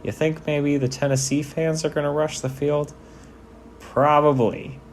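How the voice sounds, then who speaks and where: Over sports game footage, a man jokes casually and swears without restraint in a relaxed manner. He speaks a little slowly in a fairly high, level voice, and there's slight hiss or hum.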